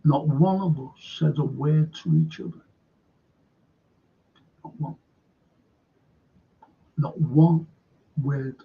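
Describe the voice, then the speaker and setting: A man hosting a live-streamed show, telling a rambling story in a halting way and repeating words for emphasis. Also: on the high side, creaky, husky, narrow, tinny audio. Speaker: host of a live-streamed current affairs show. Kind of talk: casual rambling storytelling to viewers.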